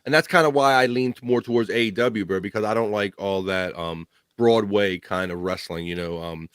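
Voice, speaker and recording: A man's voice: on the low side, normal speed, a bit bright, clear, resonant tone, dry recording, studio quality. A man hosting a casual chat, easygoing, swearing now and then.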